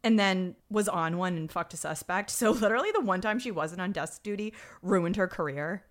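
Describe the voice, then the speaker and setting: A woman's voice: on the low side, moderate pace. A young woman co-hosting a podcast, wryly recapping a TV episode in casual chat and mimicking the characters. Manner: wry, expressive, mimics yelling characters. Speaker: podcast co-host.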